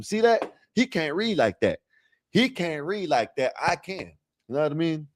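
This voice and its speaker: A man's voice: fairly high pitch, very animated, normal speed, no room sound. Rambling man, dry close sound. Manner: rambling, talks straight to viewers. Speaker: livestream host. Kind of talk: casual livestream commentary.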